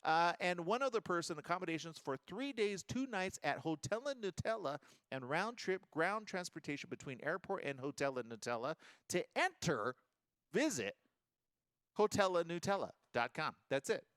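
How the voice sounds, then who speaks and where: A man's voice: a little high, normal speed, clean tone, no room sound. A man hosting a morning show, chatting casually and joking through the news. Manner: lively, jokey, animated delivery.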